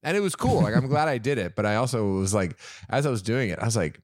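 A man, a musician guest, telling rambling, animated stories in casual podcast chat and laughing often. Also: lowish voice, quick pace, no room sound, studio quality.

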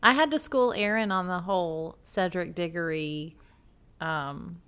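A woman's voice: lowish voice, a little slow, fairly bright tone, smooth. A woman co-hosting a podcast in casual chat, wry and mocking, laughing often. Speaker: podcast co-host.

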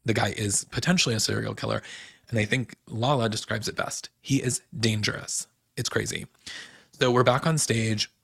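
A man's voice: on the low side, steady tone, normal speed, vocal fry, a bit bright, breathy edge, dry recording, clean studio sound. A young man hosting a casual recap, chatty and opinionated, acting out quotes with lots of "like". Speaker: podcast host recapping a reality show.

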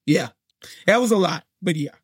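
Man, high voice, animated podcast chat, acts out his reactions, dry close sound. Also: moderate pace, slightly rough, dry recording. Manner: animated, acts out his own thoughts in quotes. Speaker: podcast guest co-host. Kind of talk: casual wrestling podcast chat.

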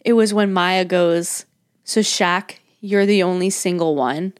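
A woman's voice: fairly low pitch, steady tone, measured pace. A young woman co-hosting a podcast in casual chat, emotional and swearing freely, full of "dude" and "like". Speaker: podcast co-host.

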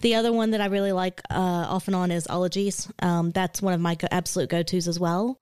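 A woman co-hosting a podcast, chatting casually in a relaxed, hedging way with fillers. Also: on the low side, fast, smooth, dry recording, clean studio sound. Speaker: podcast co-host. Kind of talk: casual chat.

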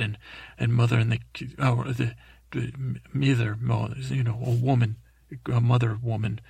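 A man tells a rambling, improvised bedtime story for a podcast, meandering and correcting himself as he goes, with plenty of fillers. His medium-pitched voice has vocal fry and a breathy edge, recorded dry in studio quality.

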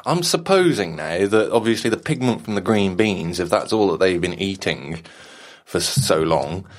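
A man's voice: low-pitched, expressive, normal speed. A man, co-hosting a casual podcast, trading dry quips and restarting his sentences as he thinks aloud. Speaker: podcast co-host. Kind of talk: casual chat.

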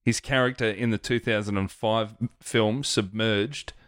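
A man's voice: lowish voice, fairly even intonation, measured pace, fairly bright tone, clean tone, no echo, clean studio sound. A man co-hosting a comedy podcast, chiming in with quips and facts in casual banter. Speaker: podcast co-host.

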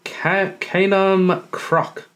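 A woman's voice: mid-range voice, little pitch movement, drawn-out words. A woman co-hosting a casual podcast chat, reading facts aloud and laughing often. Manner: giggly, reads facts aloud with frequent laughter. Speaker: podcast co-host.

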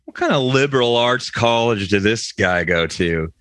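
A man's voice: medium pitch, animated, moderate pace, fairly bright tone, dry recording, studio quality. A man co-hosting a comedy podcast, riffing with jokey, sarcastic asides. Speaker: podcast co-host.

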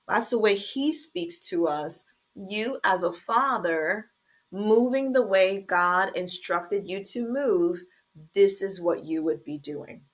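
A woman hosting a faith-based podcast, talking earnestly and deliberately to fathers, with some fillers and restarts. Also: mid-range voice, expressive. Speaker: podcast host.

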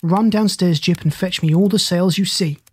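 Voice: mid-range voice, moderate pace, a little mellow, husky, natural voice. A reader doing the Doctor, bemused and kindly. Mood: puzzled. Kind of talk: audiobook character voice.

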